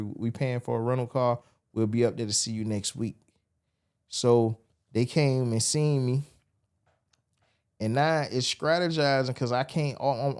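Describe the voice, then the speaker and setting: A man's voice: medium pitch, darkish tone, smooth. A man, telling his story as a podcast guest and acting out the voices he quotes. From Miami, USA. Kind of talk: storytelling interview.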